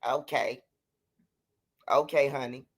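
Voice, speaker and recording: With a slow, steady, mid-range voice, this Chicago-accented host of a street news channel does casual livestream commentary. He keeps mocking and trash-talking his critics, repeating the same points repeatedly.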